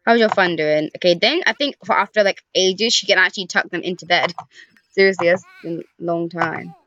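A woman's voice: on the low side, fairly quick, fairly bright tone, no echo, muffled recording. Chatty woman narrating a life sim. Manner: chatty, talks to the game characters, frequent sighs and groans. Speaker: gaming YouTuber. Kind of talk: casual let's-play commentary. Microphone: desk microphone.

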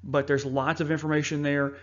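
A man hosting a preparedness talk, narrating over slides in an earnest, measured way with frequent fillers. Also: a little high, level tone, muffled recording. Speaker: host.

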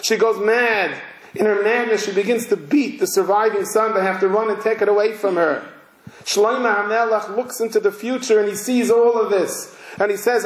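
Male rabbi, higher-pitched, emphatic sermon storyteller, recorded with hall echo. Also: fairly even intonation. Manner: slow, emphatic, vivid narration.

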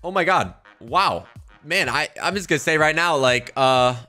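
A man's voice: expressive, moderate pace, sharp tone, faint music behind. A young man doing playful, hyped gameplay commentary as a gaming video host. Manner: hyped, playful, big jumps in pitch. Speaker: gaming YouTuber.

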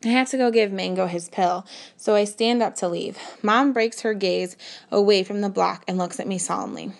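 A woman narrating a first-person novel in a measured, earnest storytelling manner. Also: medium pitch, animated, creaky. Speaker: audiobook narrator.

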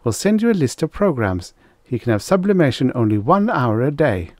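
A man's voice: mid-range voice, very animated, a little fast, a little mellow, no room sound, studio quality, voice pushed up, lightly acted. A man voicing a prim, severe middle-aged female schoolteacher who speaks icily and precisely. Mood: icy, prim.

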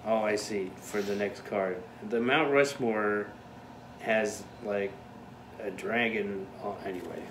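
A man's voice: fairly low pitch, slow pace, background noise. A young man hosting a casual chat, joking and rambling with frequent laughs, in a room at home. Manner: jokey, rambling, laughs often. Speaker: host. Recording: echoey room.

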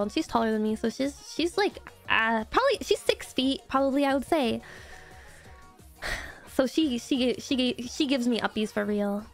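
A woman with a high, bright voice, chatting on a casual live stream. She gushes and giggles as she tells her story, with soft music faintly underneath. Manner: giggly, gushing storytelling with frequent laughs. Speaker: VTuber streamer.

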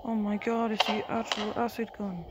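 A woman giving casual commentary while playing a game on her phone, chatty and reacting out loud, sometimes dropping into a whisper. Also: mid-range voice, little pitch movement, normal speed. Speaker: gameplay commentator. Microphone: phone screen recording. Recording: phone recording with loud background noise.

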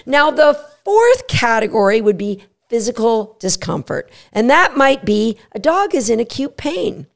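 Gravelly-voiced woman hosting a podcast. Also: fairly high pitch, sing-song, unhurried, few pauses. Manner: emphatic, acts out what dogs say. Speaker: podcast host, dog trainer. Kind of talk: podcast monologue.

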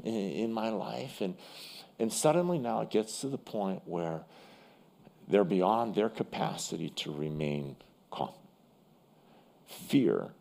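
A man's voice: mid-range voice, vocal fry, darkish tone, breathy edge. A man preaching a sermon in a church as pastor, in a conversational, vivid storytelling manner.

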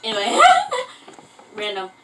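A woman's voice: slow, distant mic, heavy background noise. A young woman vlogging in casual chat, rambling and self-mocking, who keeps breaking into bits of song. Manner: breaks into singing snatches. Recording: voice from away from the mic.

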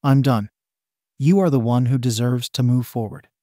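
A man reads out a firm, determined teenage boy of a storybook, speaking in a plain mid-range voice. The delivery is quiet and matter-of-fact, set in a dry, close sound. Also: medium pitch, moderate pace, no room sound, close to an everyday voice.

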